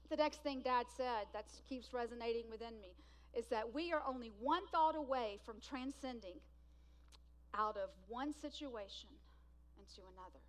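High-voiced woman preaching a sermon. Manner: swings from loud emphatic bursts to hushed, slow, drawn-out lines.

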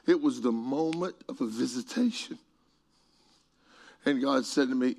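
Gravelly preacher man, dramatic swings. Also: medium pitch, a little slow, long pauses, a little mellow. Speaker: pastor. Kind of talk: sermon storytelling.

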